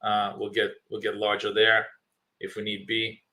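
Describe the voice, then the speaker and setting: Bright-voiced man talking through live trades. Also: fairly low pitch, completely flat delivery, normal speed. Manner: thinking aloud, many fillers and restarts; chewing gum while talking. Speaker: trading stream host. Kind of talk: live trading commentary.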